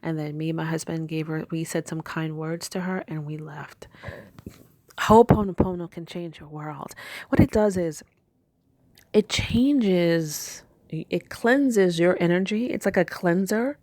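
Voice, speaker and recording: A woman's voice: fairly low pitch, unhurried, darkish tone, no room sound. A woman giving a casual spiritual talk, chatty and storytelling with many fillers. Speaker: spiritual teacher.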